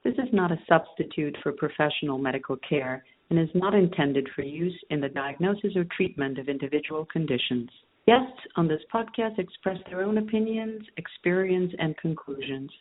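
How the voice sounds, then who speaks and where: A podcast announcer reading a formal disclaimer and introduction in an even, scripted way. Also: mid-range voice, normal speed. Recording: tinny phone-like sound with faint music.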